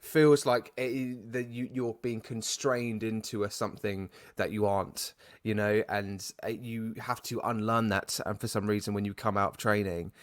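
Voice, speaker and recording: Earnest low-voiced male podcast host. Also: fairly even intonation, normal speed, hardly any pauses, no echo, clean studio sound. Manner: earnest and reflective, speaking in long flowing sentences. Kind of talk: casual interview chat.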